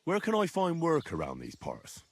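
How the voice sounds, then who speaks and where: A man's voice: fairly high pitch, huge pitch swings, normal speed. A young man voicing a wandering peasant in a game, asking plain, polite questions. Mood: curious.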